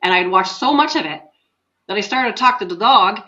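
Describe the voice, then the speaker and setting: A middle-aged woman co-hosting a casual chat podcast, telling chatty, animated stories while sick with a cold. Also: mid-range voice, a little fast. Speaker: podcast co-host, mother. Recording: dull lo-fi sound.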